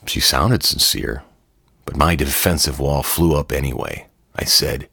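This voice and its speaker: A man with a low, deep voice narrates a first-person story with wry, conversational ease. The sound is dry and close. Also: animated, unhurried, creaky, pushed and bright, husky, no echo.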